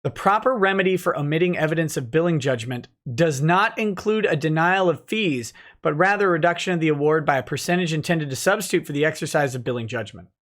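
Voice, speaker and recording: A man in his thirties, a lawyer host reading court filings aloud and commenting, rushing through citations and slowing down hard to stress his points. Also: a little high, a bit bright. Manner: reads citations fast, then slows to stress points; stumbles and self-corrects on case names.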